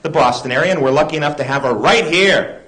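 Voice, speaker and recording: A man's voice: fairly high pitch, quick pace, fairly bright tone, rough recording. A man hosting a cable comedy show, introducing the next act in a chatty, hammy way.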